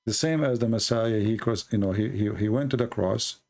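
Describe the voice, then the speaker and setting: Gravelly man preaching on a live call-in. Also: lowish voice, darkish tone. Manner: earnest, explanatory, halting with fillers. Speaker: host of a live call-in religious stream.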